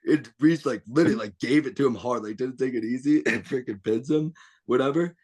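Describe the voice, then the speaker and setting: A man's voice: medium pitch, fairly quick, darkish tone, breathy edge. A young man telling rowdy, profane stories as a guest on a casual podcast, laughing as he goes. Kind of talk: casual storytelling chat.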